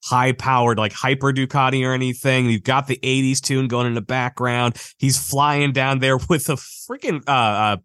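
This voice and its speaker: A man's voice: mid-range voice, fairly even intonation, moderate pace, hardly any pauses, a bit bright, clear, resonant tone, dry recording, studio quality. A man co-hosting a podcast, joking and laughing often in casual chat about a film. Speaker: podcast co-host.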